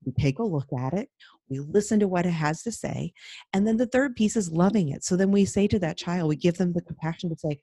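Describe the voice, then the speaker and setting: A woman's voice: fairly low pitch, expressive, a little fast, dark tone, no echo. A woman coach talking casually and explaining, often checking in with "right?" and acting out the inner voices she describes.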